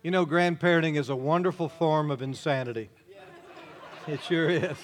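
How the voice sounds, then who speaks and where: A man's voice: fairly high pitch, normal speed, crowd noise, background noise. An older man preaching a sermon in a folksy, storytelling way. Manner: folksy, warm-hearted storytelling with chuckles. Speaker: pastor. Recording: hall reverb.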